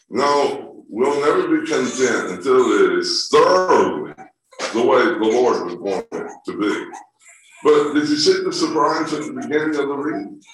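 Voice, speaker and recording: A man preaching a sermon, reading scripture aloud in a measured, deliberate way and repeating key phrases for emphasis. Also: mid-range voice, fairly bright tone, slight background noise. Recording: echoey room from far off.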